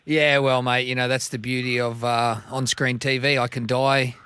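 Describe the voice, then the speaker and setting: Male co-host, bright forceful voice, joking banter, dry studio. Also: mid-range voice, level tone, moderate pace, smooth, no echo. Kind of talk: casual radio chat.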